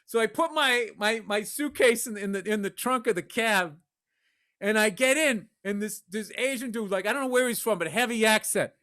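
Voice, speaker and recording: A man from Massachusetts tells a story on a podcast, swearing freely and acting it out as he goes. His voice sits high and rings bright. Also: moderate pace. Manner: profane, animated storytelling with acted-out voices. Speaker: podcast co-host. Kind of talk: storytelling in casual chat.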